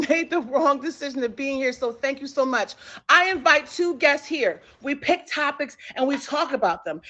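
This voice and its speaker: A woman hosting a livestream talk show, chatting about celebrity news in an excitable way, hyping up her listeners and repeating herself often. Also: sits high. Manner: excitable, hypes the audience, repeats phrases. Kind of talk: energetic celebrity gossip chat.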